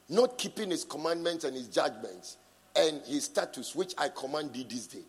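Gravelly, husky preacher in a reverberant hall. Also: male voice, fairly high pitch, expressive, moderate pace. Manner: emphatic, swings from soft asides to shouting; prompts the congregation for responses. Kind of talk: sermon with scripture reading. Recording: long reverb in a large hall.

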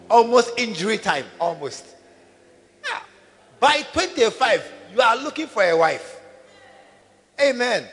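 A man preaching a sermon to his congregation, calling for responses and rising to shouts. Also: sits high, lively intonation, normal speed. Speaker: pastor. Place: large church hall. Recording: reverberant hall with faint music.

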